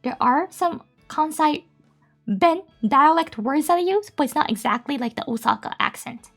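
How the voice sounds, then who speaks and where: A very high, bright-toned woman with a Japanese accent chats casually on her live stream, giggling and cutesy as she thanks viewers. Soft music plays faintly behind her. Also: lively intonation, normal speed.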